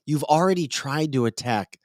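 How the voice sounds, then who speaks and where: A man's voice: on the high side, animated, normal speed, no echo, clean studio sound. Emphatic joking male podcast host. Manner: emphatic, joking, lectures in a scolding tone. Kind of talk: casual political chat.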